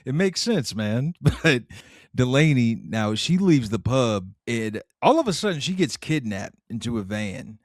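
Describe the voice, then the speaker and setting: A man's voice: medium pitch, sing-song, measured pace, dry recording. A man co-hosting a podcast, recapping a TV episode in casual chat with dry one-liners. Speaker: podcast co-host.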